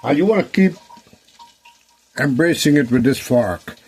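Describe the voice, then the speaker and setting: Man with a mid-range voice, relaxed chatty cooking host talking viewers through each step. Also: mid-range voice, a little slow, slight background noise, rough recording. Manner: chatty, repeats phrases, talks to viewers as folks. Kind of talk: casual cooking demonstration. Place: kitchen.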